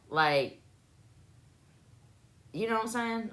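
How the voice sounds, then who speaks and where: Southern woman streaming, real low voice but swoops all over, laid-back and playful. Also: wildly swooping pitch, normal speed, pauses often, fairly bright tone. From South Carolina. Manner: laid-back, playful, repeats words to test her pronunciation. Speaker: livestream host. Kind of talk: casual chat with live chat.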